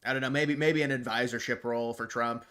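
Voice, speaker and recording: A man's voice: medium pitch, fairly even intonation, fast, fairly bright tone, clean tone. An American man hosting a livestream, reacting to chat in casual, rambling commentary and often restarting his sentences. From United States. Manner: rambling, thinking aloud with frequent restarts. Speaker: livestream host.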